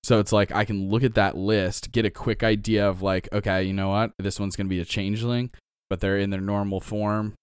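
A man's voice: on the low side, flat delivery, fairly quick, clear, resonant tone, no echo, studio quality. A man co-hosting a podcast about running tabletop games, chatting casually, giving advice and laughing often. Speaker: podcast co-host, game master.

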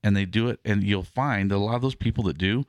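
Podcast host guy, lowish voice, rambly casual talk, swears a bit, dry close sound. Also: fast, dry recording.

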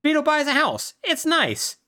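A man chatting casually on a podcast, walking through a story beat by beat. His pitch swoops up and down a lot as he talks. He keeps dropping into quick voices for the characters. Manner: animated retelling, acts out characters' lines in quick voices. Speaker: podcast co-host. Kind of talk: casual plot recap.

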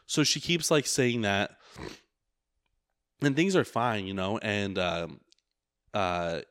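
A man's voice: lowish voice, takes it slowly, a bit bright, no room sound, clean studio sound. A man who drives for a rideshare service, telling a story in casual chat, rambling and profane with lots of filler words.

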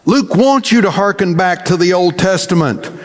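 Folksy preacher in a reverberant hall. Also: male voice, high voice, moderate pace, soft background music. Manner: storytelling, animated and folksy. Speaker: pastor. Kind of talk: sermon.

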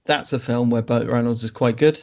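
Male podcast co-host, measured and wry, talks through film plots. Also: medium pitch, fairly even intonation, creaky, a little mellow. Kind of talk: casual film chat and plot summary.

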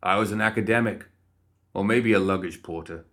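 A man's voice: fairly low pitch, a little fast, fairly bright tone, close to an everyday voice. A man voicing a boastful, condescending undead man who is only a severed head, in a storybook reading. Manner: smug and boastful.

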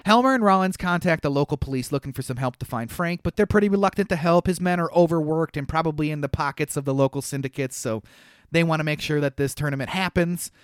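A man's voice: fairly high pitch, fast talker, clear, resonant tone, dry recording, studio quality. A man casually recapping a film on a podcast, joking, laughing often and stumbling over names. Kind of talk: casual chat.

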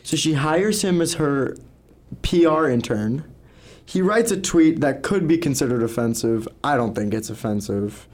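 A man's voice: medium pitch, lively intonation, measured pace, a little mellow. Rambling, swearing young male podcaster. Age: young adult. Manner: rambling storyteller, swears freely. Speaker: podcast co-host. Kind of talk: casual podcast chat.

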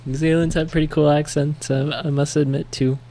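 Gravelly American man telling rambling stories. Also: fairly high pitch, little pitch movement, fairly quick, dark tone. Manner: rambling storyteller, many fillers. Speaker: podcast co-host. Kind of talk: casual chat.

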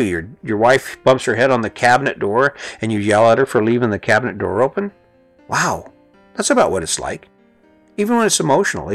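A middle-aged man giving a motivational talk as host, earnest and conversational, repeating phrases for emphasis. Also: on the low side.

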